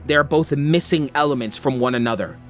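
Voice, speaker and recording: Acting as game master, a man with a mid-range voice narrates a tabletop game, describing scenes in an unhurried, descriptive way. Soft music plays in the background.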